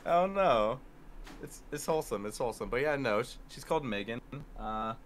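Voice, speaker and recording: A cheerful young man chats as a guest on a live stream. He talks easily and warmly about his studies, with a faint hiss of noise behind him. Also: medium pitch, lively intonation, normal speed. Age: young adult. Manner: cheerful, chatty, mimics voices in stories. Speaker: guest, animation student. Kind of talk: casual chat.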